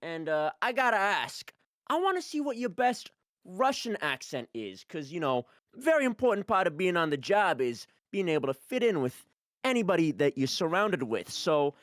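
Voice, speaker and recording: A man's voice: high-pitched, big pitch swings, moderate pace, a bit bright, no room sound, studio quality. A man improvising as a breezy, teasing job interviewer in a comedic party game. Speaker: game player acting as interviewer. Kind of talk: improvised comedic role-play.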